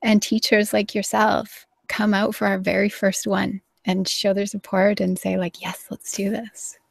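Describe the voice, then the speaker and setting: A woman's voice: mid-range voice, little pitch movement, measured pace, gravelly, no room sound, studio quality. A middle-aged woman hosting a live wellness show, chatting enthusiastically with a guest. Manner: enthusiastic, gushing, acts out quotes. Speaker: host.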